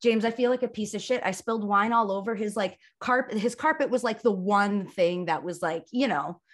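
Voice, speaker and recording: A woman's voice: mid-range voice, a little fast. A young woman chatting candidly on a podcast, rambling, swearing and laughing often. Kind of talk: casual podcast chat.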